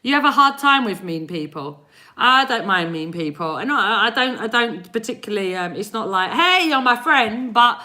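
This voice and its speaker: An energy reader from England, in her forties, hosts live readings and chats with viewers, laughing often along the way. Her voice is on the high side and animated, with a sharp tone and a normal speed.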